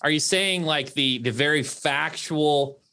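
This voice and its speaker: A man's voice: a little high, measured pace, pushed and bright, clean tone. Podcast host man framing questions. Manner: thinking aloud, restarts while framing questions. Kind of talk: conversational podcast interview.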